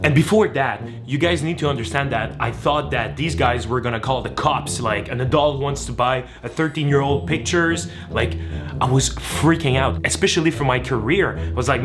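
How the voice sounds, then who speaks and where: A man telling a story to camera with lots of energy, acting out each voice he quotes and shrieking when he gets to the shocks. His voice sits at an ordinary middle pitch. Music plays clearly underneath him. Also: lively intonation, moderate pace. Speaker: vlogger. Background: background music.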